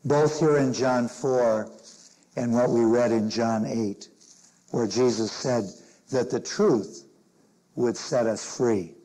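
A man in his sixties, a minister from Chicago, preaching a sermon slowly and deliberately, leaning hard on key phrases. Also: medium pitch, dark tone, poor audio. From Chicago, Illinois. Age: 60s. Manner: slow, deliberate preaching with emphatic stressed phrases.

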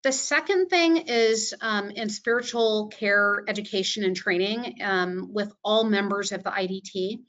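A woman's voice: mid-range voice, measured pace, hardly any pauses, fairly bright tone, muffled recording. A woman speaking as a webinar panelist, thinking aloud with many fillers and restarts. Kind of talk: unscripted presentation. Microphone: video call.

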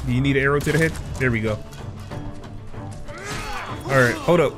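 A man's voice: on the high side, moderate pace. A young man hosting a let's play, commenting in a slangy, trash-talking way as he fights through a game. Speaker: gaming channel host. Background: game music.

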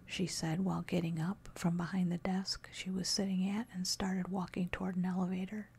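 Woman whispering a scary story, dark mellow tone, low voice. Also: moderate pace, creaky, few pauses, a little hiss or hum. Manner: soft steady whisper.

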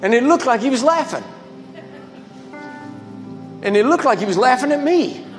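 An older man preaching a sermon as a guest speaker, telling stories with emphatic swings in pitch and volume. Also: lively intonation, normal speed. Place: large church sanctuary. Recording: reverberant church hall with faint music.

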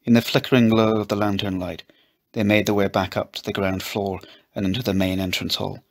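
A man reading a children's story aloud, in a gentle, measured storybook narration. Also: fairly low pitch, flat delivery, gravelly. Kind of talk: scripted narration.

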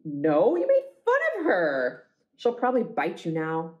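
A woman's voice: medium pitch, wildly swooping pitch, slow pace, dark tone, highs cut off. A woman voicing a proud, stubborn child who insists a banana is her dog, boastful and indignant.

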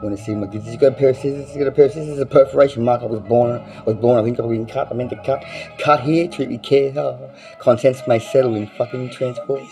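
A man's voice: mid-range voice, fairly even intonation, fast talker, soft background music, rough recording. A man freestyle rapping, repeating lines in rambling, profane rhymes. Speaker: freestyle rapper. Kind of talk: freestyle rap over a beat. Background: loud beat playing.

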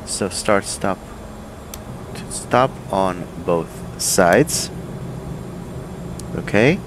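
A man, an airline pilot, calmly walking through aircraft procedures in a relaxed, think-aloud way, with plenty of fillers and restarts. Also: low-pitched, drawn-out words, background noise. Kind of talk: casual instructional walkthrough. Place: home desk with flight simulator.

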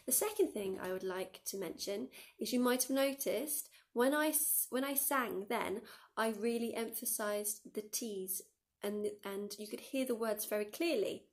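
A woman's voice: on the high side, measured pace. A woman, a school music teacher recording a lesson for her pupils, who counts them in and sings the lines to show how they go. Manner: encouraging, counts pupils in and demonstrates by singing. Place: dim room.

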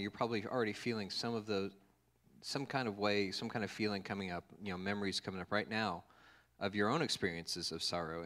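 Male pastor, lower voice, chatty sermon delivery with plenty of fillers. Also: fairly bright tone, long reverb tail. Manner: casual, joking, fond of fillers and restarts. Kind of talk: conversational sermon.

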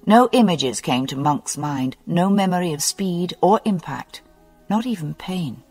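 Slow, animated mystery audiobook narrator, husky tone, long hall reverb and soft music underneath. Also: medium pitch. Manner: slow, measured and expressive reading. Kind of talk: scripted novel narration.

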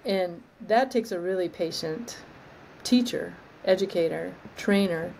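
A woman arborist trainer as an interview guest, explaining in a thoughtful, measured way and often restarting her phrases. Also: fairly low pitch, gravelly, darkish tone, slight background noise, rough recording. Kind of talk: conversational interview.

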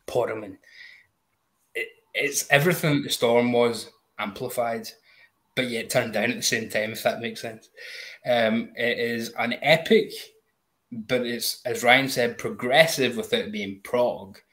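A man's voice: mid-range voice, steady tone, a little slow, a bit bright. A man on a review panel, talking through an album in casual chat, enthusiastic and full of "um" fillers. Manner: hums and sings snatches of riffs.

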